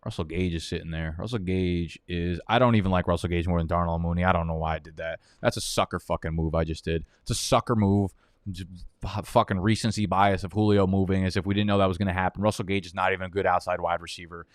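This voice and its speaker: Low-voiced man ranting over a fantasy draft. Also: fairly even intonation, quick pace, dry recording, clean studio sound. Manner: profane, heated, rambling. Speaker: fantasy football host. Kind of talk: live-stream draft commentary.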